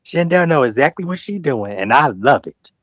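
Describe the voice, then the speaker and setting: A man's voice: medium pitch, moderate pace, no echo, dull audio. A man talking as a guest on a livestream, calling people out in an emphatic, preachy way, repeating his points and acting out what others said. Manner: slangy, animated storytelling with mock quotes. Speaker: guest on a livestream talk show. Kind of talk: heated livestream call-out talk.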